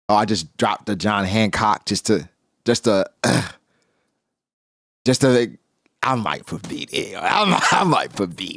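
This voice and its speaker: A man giving casual, excitable reaction commentary on a manga chapter, exclaiming and joking as he reads. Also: fairly low pitch, vocal fry, no echo, clean studio sound.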